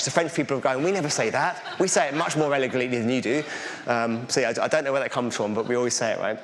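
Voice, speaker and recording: A man's voice: on the low side, echoey room. A middle-aged Englishman, giving a candid, conversational talk with slides at a conference. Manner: candid, conversational, self-deprecating. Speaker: conference speaker.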